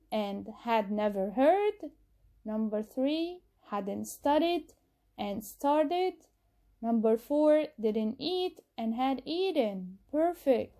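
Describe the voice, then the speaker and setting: Egyptian woman teacher, high and mellow, measured video-lesson delivery. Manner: slow, careful reading of exercise answers. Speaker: English teacher.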